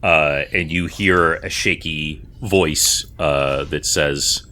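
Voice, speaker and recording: A man narrating as game master in a measured way with fillers and asides. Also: extremely low pitch, pushed and bright, a little hiss or hum.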